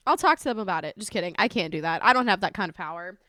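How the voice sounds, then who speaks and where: A woman's voice: mid-range voice, lively intonation, rapid-fire, fairly bright tone, no room sound, studio quality. A woman live streamer chatting casually with her viewers, scattered and talkative, thanking them often and swearing mildly.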